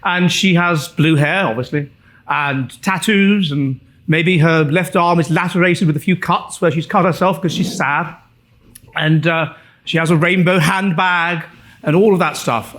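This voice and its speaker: A man's voice: fairly high pitch, steady tone, unhurried, a bit bright. A man giving a sardonic public lecture, with frequent restarts and fillers. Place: lecture room.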